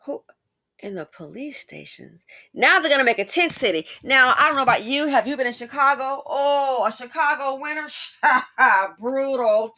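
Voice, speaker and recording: A woman's voice: sits high, moderate pace. A woman hosting a casual commentary monologue, speaking straight to her viewers with exclamations and rambling asides. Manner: animated, talks straight to viewers. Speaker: commentary channel host.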